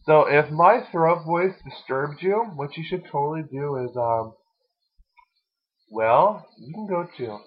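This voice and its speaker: Brief: young male podcast host, husky and animated, rambling and crude, lo-fi home sound. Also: fairly high pitch, a little slow. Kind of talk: casual podcast chat. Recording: lo-fi dull recording.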